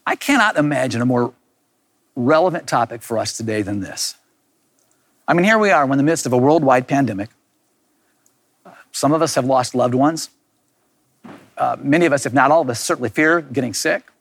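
A man's voice: medium pitch, lively intonation, moderate pace, gravelly, pauses often, dry recording. A middle-aged man giving an earnest, reflective sermon as a pastor, repeating key words for emphasis. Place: recorded for online viewers.

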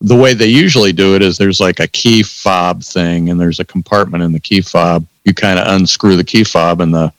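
A man with a fairly low voice in casual podcast storytelling. He acts out both sides of the conversations with lively timing. The sound is dry and close to the mic. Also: normal speed, few pauses, dry recording. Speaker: podcast host telling stories.

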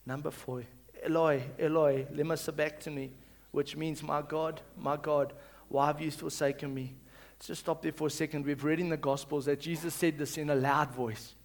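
A male pastor reading scripture and preaching, swinging between loud calls and hushed reading and leading the congregation to repeat after him. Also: a little high, level tone, moderate pace, hardly any pauses. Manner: leads the congregation in call-and-response.

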